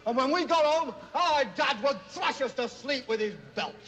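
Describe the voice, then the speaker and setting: A man's voice: very high-pitched, expressive, normal speed, a bit bright. A boastful old Yorkshireman. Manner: boastful, laughing at his own stories. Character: wealthy older Yorkshire man boasting of a poor childhood.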